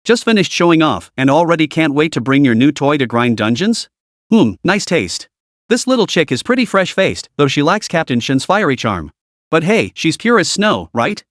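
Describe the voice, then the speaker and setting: A man's voice: a little high, very animated, normal speed, a bit bright, no echo, clean studio sound. Man doing a sneering young bully. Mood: taunting. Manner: mocking, taunting. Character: sneering jealous young male student bully.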